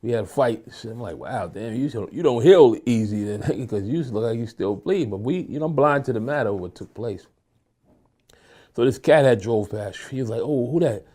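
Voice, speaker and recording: A man's voice: medium pitch, expressive, moderate pace. Casual man telling a personal story. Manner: casual storyteller, acts out quotes loudly. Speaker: interviewee.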